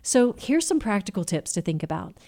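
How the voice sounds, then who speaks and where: A woman's voice: medium pitch, sing-song, brisk, creaky, mellow. A woman giving a faith-based teaching talk on family communication, earnest and coaching, acting out example phrases. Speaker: Christian family communication speaker.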